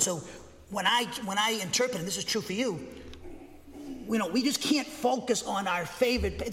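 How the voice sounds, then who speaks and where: A man's voice: high voice, big-room sound. A man preaching a sermon as a pastor, with an emphatic, rambling way of talking and frequent self-corrections.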